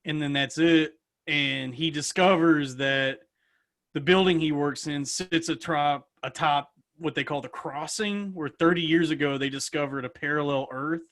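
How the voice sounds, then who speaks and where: A man co-hosting a podcast, telling a story with excitement and joking with friends. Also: fairly high pitch, moderate pace. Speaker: podcast co-host. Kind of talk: casual chat. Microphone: video call.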